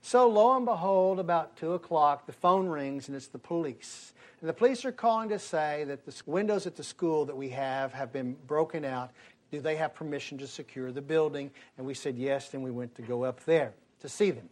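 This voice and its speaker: Man, storyteller, somewhat high voice, lively delivery with voices for each character. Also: normal speed. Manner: animated, acts out the people in his story. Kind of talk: telling a personal story to an audience.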